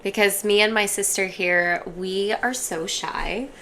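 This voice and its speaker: A young woman co-hosting a casual podcast with her sister, tossing in quick, playful reactions. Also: mid-range voice, fairly even intonation, bright, forceful tone, slight background noise, poor audio. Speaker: podcast co-host. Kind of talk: casual chat.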